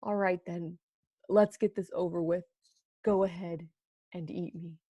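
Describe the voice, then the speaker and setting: A woman voicing a fussy, proud male doughnut who is prim and polite and turns shrill when alarmed. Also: animated, normal speed, darkish tone, dry recording. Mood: defeated.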